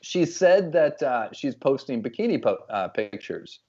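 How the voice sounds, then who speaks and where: A man guesting on a comedy show, deadpan and halting, stalling with fillers before the punchline. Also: medium pitch, dull audio.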